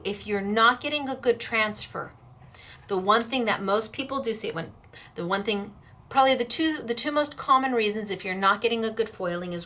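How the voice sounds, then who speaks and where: A woman's voice: on the high side, sharp tone. A woman hosting a casual craft demonstration, chatty and upbeat, laughing easily as she works. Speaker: craft shop host.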